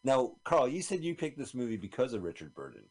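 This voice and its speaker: A man's voice: mid-range voice, big pitch swings, fast talker, a little mellow. A man co-hosting a radio show, swapping movie stories and slipping into silly voices. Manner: storytelling, slips into silly put-on voices. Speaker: radio co-host. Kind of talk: casual banter while watching a movie. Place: radio studio.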